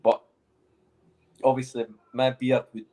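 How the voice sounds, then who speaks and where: A man's voice: mid-range voice, monotone, takes it slowly, warm tone. A Scottish man hosting a casual podcast chat, teasing his co-host with banter. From Scotland.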